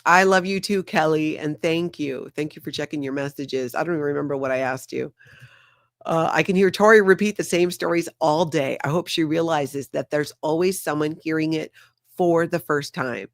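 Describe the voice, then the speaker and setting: A woman's voice: deep voice, moderate pace, no room sound, studio quality. A woman in her fifties from Hawaii, with a light Pidgin accent, hosting a casual livestream and chatting while she greets viewers by name. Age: 50s. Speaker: livestream host. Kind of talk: casual live-stream chat.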